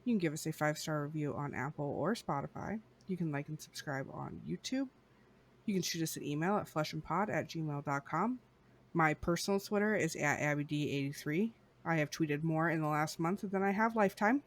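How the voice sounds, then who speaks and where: A woman co-hosting a podcast in casual chat, reading shout-outs in a playful way. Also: sits low, a little fast, a little hiss or hum. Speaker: podcast co-host.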